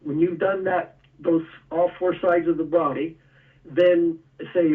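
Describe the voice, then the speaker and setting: A man's voice: fairly high pitch, steady tone, unhurried, distant mic, narrow, tinny audio. A man being interviewed, explaining step by step with a few chuckles. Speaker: guest, energy tool maker. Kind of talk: casual interview.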